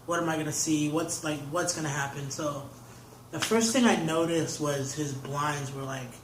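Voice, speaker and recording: A man's voice: on the high side, steady tone, moderate pace, noisy background. A young man, an interview guest, telling a long story in casual talk, rambling and filling his sentences with "like". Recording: roomy echo.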